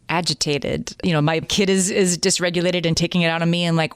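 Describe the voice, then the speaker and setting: Woman, podcast co-host, casual chat, earnest, low pitch, dry close sound. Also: moderate pace, few pauses, smooth, no room sound. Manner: earnest, acts out her own inner thoughts.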